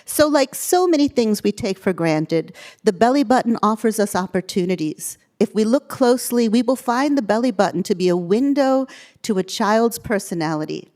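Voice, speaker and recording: A middle-aged woman reads aloud at a funeral service, amused and laughing as she goes. Her medium-pitched voice moves in wide, lively swings. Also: normal speed. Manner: amused, laughing through the reading. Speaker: eulogist, daughter of the deceased. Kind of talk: reading aloud at a memorial.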